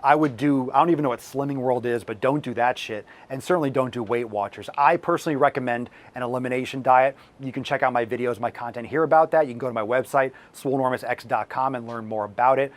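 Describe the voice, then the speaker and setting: A man in the middle of his pitch range answers viewer questions on his fitness channel. He is blunt and swears freely, sometimes ranting, and his voice is a touch hoarse from losing it. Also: fast, hardly any pauses. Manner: blunt and profane, ranting at times.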